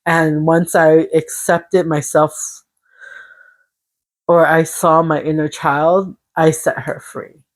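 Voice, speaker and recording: Woman doing a chatty tarot reading, pretty low voice, rambly and stop-start but earnest. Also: little pitch movement. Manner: rambling and halting, with many restarts and fillers; earnest, encouraging self-help tone. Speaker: tarot reader. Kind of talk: casual spoken tarot reading.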